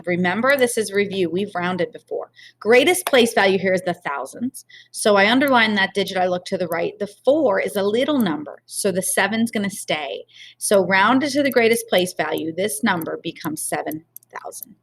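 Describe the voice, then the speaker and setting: A woman's voice: mid-range voice, animated, normal speed. A woman teacher giving a recorded math lesson to children, patient and encouraging, talking straight to her students.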